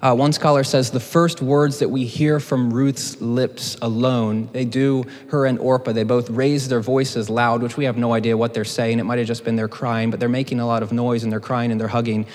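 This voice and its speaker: A man's voice: mid-range voice, flat delivery, normal speed, hardly any pauses, darkish tone. A man teaching a sermon in a conversational way, with joking asides to the congregation. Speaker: teaching pastor. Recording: hall reverb.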